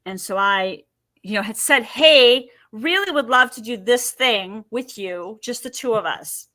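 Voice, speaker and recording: A woman's voice: on the high side, unhurried. A woman guest on a podcast interview, telling personal stories and acting out what people said. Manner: animated storyteller acting out quotes. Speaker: podcast guest, emotion healer.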